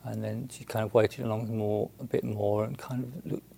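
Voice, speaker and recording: A man, a Buddhist monk, telling a story in a halting, unhurried way with many restarts and fillers. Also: lowish voice, fairly even intonation, creaky, mellow, husky. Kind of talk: storytelling talk.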